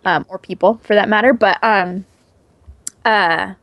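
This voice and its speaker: A woman's voice: mid-range voice, a little slow, a bit bright, dry recording. A woman co-hosting a podcast in casual chat, gushing and chatty with lots of fillers. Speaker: podcast co-host.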